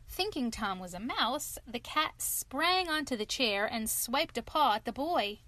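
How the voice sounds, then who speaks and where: A woman narrating a children's storybook aloud in a clear, expressive reading. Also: fairly high pitch.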